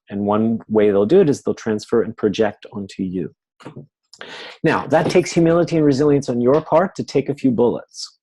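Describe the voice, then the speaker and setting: Male webinar teacher, mid-pitched, explanatory, mimics client pleas. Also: darkish tone, poor audio. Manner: explanatory, acts out clients' pleas in quoted voices.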